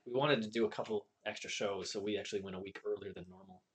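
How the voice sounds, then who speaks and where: A man, a high school theater teacher, chatting as a podcast guest in a relaxed, easygoing way. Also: quick pace. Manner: relaxed and easygoing, short replies. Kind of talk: casual chat. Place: basement studio.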